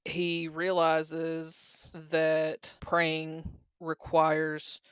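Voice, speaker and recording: A woman's voice: low-pitched, monotone, very slow, smooth, no echo. A woman co-hosting a podcast, chatting thoughtfully about an album and a book. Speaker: podcast co-host. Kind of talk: casual chat about an album.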